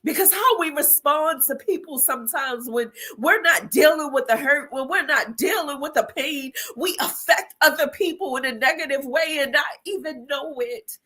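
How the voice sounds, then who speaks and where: Her high-pitched voice pushed and bright, a middle-aged host of an inspirational show moves at a moderate pace with few pauses. Her emotional monologue sounds like preaching, with repeated phrases, and she's close to tears but defiant.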